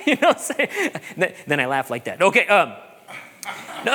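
A man, a pastor preaching a sermon, animated and joking, repeating phrases for emphasis. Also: sits high, normal speed.

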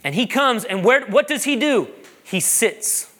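A man, a pastor preaching a sermon, animated and joking, repeating phrases for emphasis. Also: very high-pitched, unhurried.

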